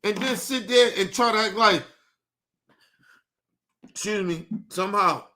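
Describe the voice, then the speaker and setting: A young man with a high-pitched voice rants on a livestream. He talks heatedly and profanely and circles back to the same complaints. His tone is bright and cutting. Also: unhurried. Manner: heated, profane, repetitive ranting. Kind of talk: livestream rant.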